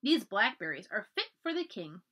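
A gentle old grandfather with a twinkle, as a woman reads him aloud from a storybook. He speaks fondly and kindly, in a bright, lilting voice. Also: medium pitch, sing-song, normal speed. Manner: gentle, warm-hearted, twinkling.

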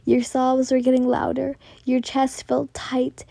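A young woman reading a second-person fan fiction story aloud in a soft voice that often drops to a whisper, stumbling and restarting lines. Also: sits high, monotone, a little slow, gravelly, dry recording. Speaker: story narrator.

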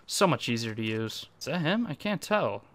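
A young man giving casual, excitable commentary over his own gameplay, laughing often and talking to himself. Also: mid-range voice, moderate pace. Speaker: gaming YouTuber.

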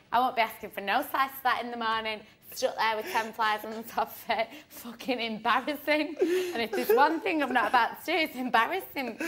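High-voiced woman ranting, swearing. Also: a bit bright. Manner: ranting, heavy swearing, laughing as she talks. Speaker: reality show housemate. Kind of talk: late-night chat. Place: shared house bedroom at night.

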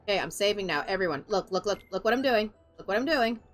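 A young woman chatting casually while she plays a video game, excitable and blunt, swearing freely. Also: medium pitch, fast talker, soft background music. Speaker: gamer host.

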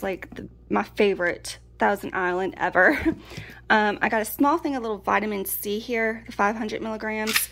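A woman's voice: on the high side, gravelly, fairly bright tone. A woman, chatting casually through a food haul. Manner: chatty, folksy, laughs often. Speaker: prepping vlogger. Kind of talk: casual pantry haul chat.

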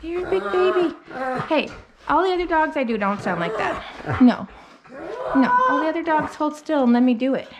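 A woman grooming a dog, talking casually and coaxing it softly as she works. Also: high-pitched, animated, normal speed, a crowd in the background. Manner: soothing and coaxing, talks to the dog. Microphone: phone.

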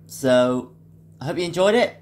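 A man with a deep voice hosting a casual video, talking in a relaxed, hesitant way with frequent fillers. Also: normal speed. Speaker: video host. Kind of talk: casual vlog talk.

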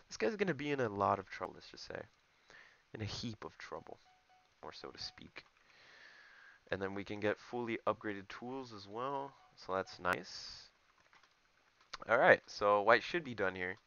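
A young man with a gravelly, low voice that still has a bright, crisp edge, rambling and joking as he plays. It is a casual gameplay commentary spoken close and dry into the mic. The sound comes across slightly muffled and lo-fi. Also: no echo. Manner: joking, rambling, talks to viewers. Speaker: gaming YouTuber.

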